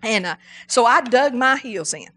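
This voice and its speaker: A middle-aged woman preaching a sermon, animated and emphatic, repeating her exhortations. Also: fairly high pitch, moderate pace.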